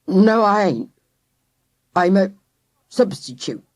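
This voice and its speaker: Gruff jittery old geezer who's scared stiff, woman doing him. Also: medium pitch, lively intonation, slow, darkish tone. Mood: gruff, nervous. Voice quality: gruff, strained. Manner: common speech, frightened. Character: gruff, nervous old man posing as a vet.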